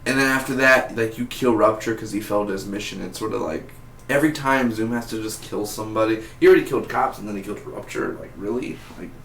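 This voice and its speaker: A man casually reviewing a TV episode, rambling with lots of fillers and acting out scenes in quick impressions. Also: lowish voice, slight background noise. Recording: roomy, distant-sounding home recording with faint background ambience.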